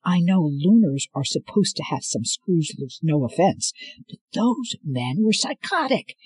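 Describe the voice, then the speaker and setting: A man's voice: sits high, lively intonation, moderate pace, a little mellow, husky, voice pushed up, exaggerated voice. A man voicing a cocky young male ship captain who talks in an exasperated, joking way.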